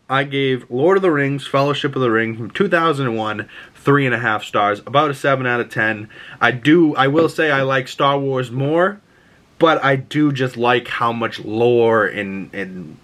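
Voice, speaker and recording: A man giving a casual, chatty movie review, relaxed and profane. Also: medium pitch. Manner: laid-back, chatty, swears and laughs often.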